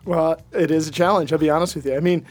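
A man speaking as an expert guest on a radio program, friendly and explanatory, with occasional fillers as he thinks. His voice sits slightly high for a man. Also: fairly even intonation, fast talker, faint music behind. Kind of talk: conversational interview.

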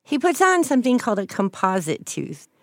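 A woman's voice: fairly high pitch, big pitch swings, a little fast, no echo, clean studio sound. A woman from Texas, speaking as an interview guest, telling her own story in a casual, candid way.

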